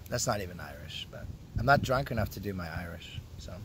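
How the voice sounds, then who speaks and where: A man's voice: low-pitched, lively intonation, brisk, noisy background. A man vlogging casually from a park, joking, teasing and swearing freely as he rambles to his phone. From Canada. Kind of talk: casual rambling monologue to camera. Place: outdoor park.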